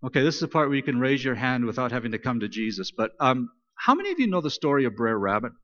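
A man's voice: medium pitch, fast, long reverb tail, dull audio. A man preaching a sermon in a church, telling a folk tale in a casual, joking way. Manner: conversational, joking, animated storyteller. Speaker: pastor. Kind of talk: sermon with storytelling.

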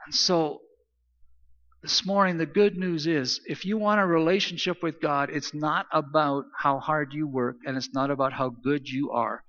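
A man's voice: fairly high pitch, steady tone, normal speed, a bit bright, long reverb tail, lo-fi sound. A man preaching a sermon in an emphatic style, repeating phrases for stress. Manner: emphatic, repetitive preaching cadence. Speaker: pastor.

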